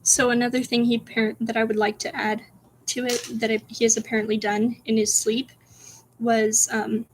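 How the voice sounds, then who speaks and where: Female streamer, story read-aloud, hushed and whispery, chatty giggling asides. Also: fairly high pitch, flat delivery, moderate pace, a little hiss or hum. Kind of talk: reading her own story aloud on stream.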